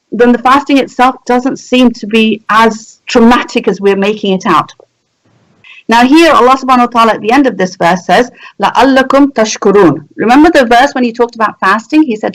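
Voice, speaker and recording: A woman's voice: fairly high pitch, poor audio. Woman teaching a religious lesson. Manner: explanatory, rhetorical questions, recites scripture in Arabic. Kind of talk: live-streamed religious lesson.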